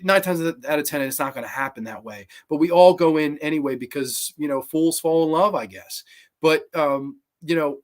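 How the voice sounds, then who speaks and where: Male vlogger, somewhat high voice, heartfelt rambling movie talk with restarts and swearing. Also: moderate pace. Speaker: movie review channel host. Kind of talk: casual spoken movie commentary.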